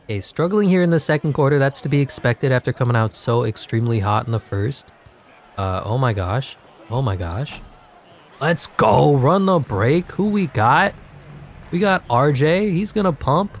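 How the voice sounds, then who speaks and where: A man giving jokey, excitable play-by-play over a video game, his voice congested and wearing out, breaking into sudden yells. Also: medium pitch, moderate pace, slight background noise. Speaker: gaming commentator. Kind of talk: live game commentary.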